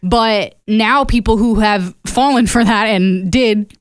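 Young female radio co-host, chatty storyteller, smooth clear voice, dry studio sound. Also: medium pitch, slow, dry recording. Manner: chatty storyteller, animated retelling. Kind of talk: casual radio chat.

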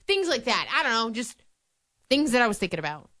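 A woman's voice: on the high side, sing-song, fairly quick, pushed and bright, no echo, studio quality. A young woman co-hosting a radio show, chatting casually and self-deprecatingly. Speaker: radio co-host. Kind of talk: casual chat.

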